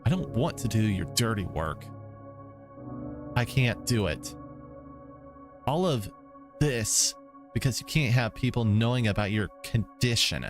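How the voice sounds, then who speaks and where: A man's voice: fairly low pitch, expressive, measured pace, pauses often, soft background music. A man voicing a distraught schoolgirl breaking down. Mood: anguished, accusing. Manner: pleading, accusing outbursts. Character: distraught young female student, breaking down.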